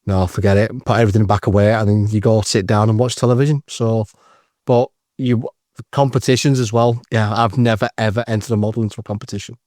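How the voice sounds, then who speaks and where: A man's voice: lowish voice, steady tone, fast talker, a little mellow, no room sound, clean studio sound. A man talking in an earnest, reflective and modest way as a podcast co-host. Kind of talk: casual podcast chat.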